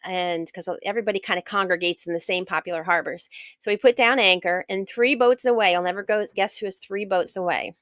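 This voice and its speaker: A middle-aged woman from the United States tells her story as an interview guest, lively and quick to act out the voices of others. Her voice sits at an ordinary middle pitch. The sound is dry and close, with no room around it. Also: no echo. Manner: animated, acts out quoted dialogue. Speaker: guest author and world sailor.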